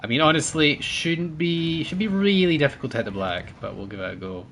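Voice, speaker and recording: A man's voice: on the high side, animated, fairly quick, gravelly, a bit bright, slight background noise. A man streaming a naval battle game, chatting with his viewers and teammates, thanking supporters and laughing often as he plays. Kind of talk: casual gameplay commentary.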